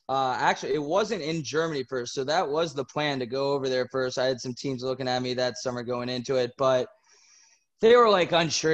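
A young man in his twenties, a former hockey player answering podcast questions in a relaxed, explaining way. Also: mid-range voice. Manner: relaxed, explanatory, run-on sentences. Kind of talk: casual interview answers.

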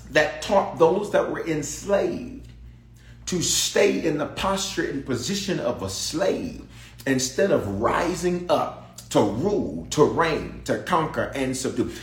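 A man's voice: on the high side, very animated, takes it slowly. A man preaching a sermon, emphatic and repetitive, calling out to his congregation. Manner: emphatic, repeats phrases, calls out to the congregation. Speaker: pastor. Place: large church sanctuary. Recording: echoey church sanctuary.

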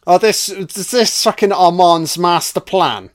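British man, young adult, film reaction commentary, blunt and profane, clean resonant tone, slightly high voice. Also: slow, clear, resonant tone. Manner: constant swearing, blunt, reacts out loud to on-screen events.

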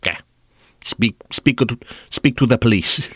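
A man's voice: mid-range voice, a little slow, a bit bright, husky, no echo, studio quality, pitched above the performer's own voice. A man doing a bored, dismissive security guard.

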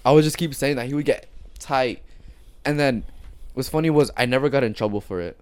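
A man's voice: medium pitch, fairly quick, a little mellow, clear, resonant tone, dry recording. A young man co-hosting a casual podcast, telling rambling stories with lots of swearing and acted-out quotes. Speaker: podcast co-host. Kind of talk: casual chat among friends.

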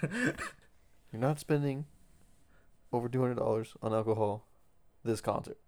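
Male co-host, mid-pitched, blunt and dry, swears casually in relaxed banter. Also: a little slow. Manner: blunt, dry, profane remarks. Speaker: podcast co-host. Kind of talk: casual chat.

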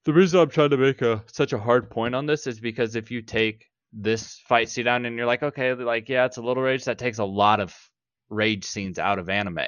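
A man's voice: mid-range voice, normal speed, no room sound, dull audio. A man co-hosting a podcast, arguing his point emphatically in casual chat and swearing freely. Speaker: podcast co-host.

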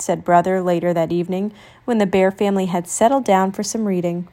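Woman gently reading a children's storybook aloud. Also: medium pitch, fairly quick. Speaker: storybook reader.

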